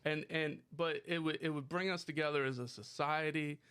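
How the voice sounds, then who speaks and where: A man hosting a casual podcast, animated, profane and joking with his co-hosts. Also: fairly high pitch, moderate pace, smooth. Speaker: podcast host.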